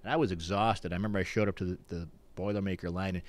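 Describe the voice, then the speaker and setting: A man's voice: deep voice, fairly even intonation, very fast. A middle-aged man, a former mayor visiting a radio show, telling casual stories in a studio. He acts out the people in his stories, laughs often and swears now and then. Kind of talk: casual anecdotal storytelling.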